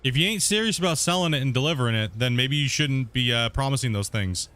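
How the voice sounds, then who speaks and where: A man's voice: medium pitch, expressive, quick pace, fairly bright tone. A man streaming a game, ranting to his viewers in casual chat and swearing a lot. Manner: heated ranting, swears often. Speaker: gaming streamer.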